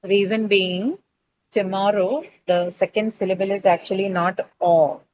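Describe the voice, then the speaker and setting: A woman's voice: mid-range voice, steady tone, moderate pace, a little mellow, dull audio. A woman teaching an English class, explaining patiently with frequent fillers and check-in questions. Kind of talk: online class lecture.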